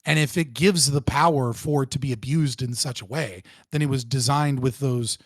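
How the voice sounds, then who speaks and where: A man guest in a casual political debate, animated and profane, who often restarts his sentences. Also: mid-range voice, moderate pace, dry recording.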